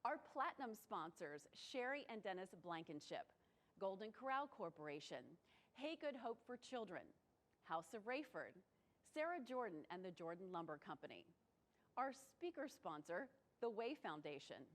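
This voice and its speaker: A woman presenting at a charity event, reading out a list of sponsors in a grateful, measured way. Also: mid-range voice, big pitch swings. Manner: grateful, measured listing of names.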